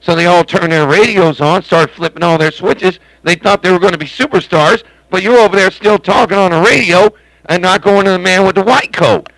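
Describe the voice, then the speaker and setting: A man rambles and jokes over his home CB base station in a folksy way. His voice sits a little high. The sound is dry and close, with no room around it. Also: a little fast, creaky, fairly bright tone, no echo, rough recording. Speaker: CB radio operator and stream host. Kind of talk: casual radio chat.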